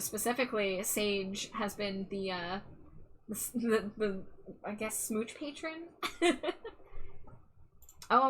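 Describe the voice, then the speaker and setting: Bright, giggly woman streamer. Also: medium pitch. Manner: giggly, reads chat aloud. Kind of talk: casual live-stream chat.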